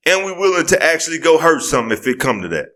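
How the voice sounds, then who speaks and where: Heated profane man, higher voice. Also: very animated, racing, fairly bright tone. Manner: heated, profane, rising into outbursts. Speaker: podcast co-host. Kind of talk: casual podcast talk.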